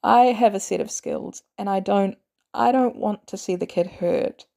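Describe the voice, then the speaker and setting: A woman voicing a gruff, guarded adult man who is protective, talking bluntly in clipped lines with swearing. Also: medium pitch, unhurried, mellow. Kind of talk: fan audiobook reading.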